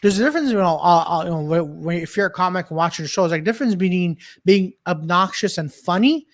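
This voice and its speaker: A man's voice: high voice, lively intonation, fast. A man, a comedian, telling rambling stories in casual chat, full of restarts and repeats. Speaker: comedian and podcast co-host.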